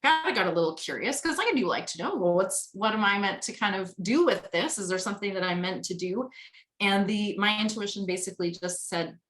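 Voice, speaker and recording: A woman's voice: medium pitch, animated, fairly quick, fairly bright tone, rough recording. A woman guest on a video call, talking candidly and at length, with casual swearing. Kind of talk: candid conversational sharing.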